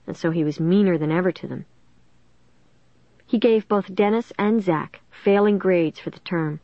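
A woman reading a first-person story aloud in a plain, steady storytelling manner. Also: on the low side, no room sound, dull audio. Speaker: audiobook narrator.

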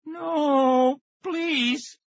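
A man voicing a frightened little boy of five or six, pleading in a high, tearful voice. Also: huge pitch swings, normal speed, gravelly, no room sound, lo-fi sound, exaggerated voice. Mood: scared.

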